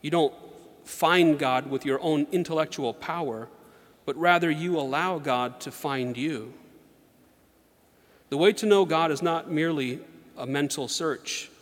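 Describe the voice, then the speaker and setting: A man giving a sermon in an earnest, measured way, reading slowly and with emphasis. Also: a little high. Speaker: preacher. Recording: long hall reverb.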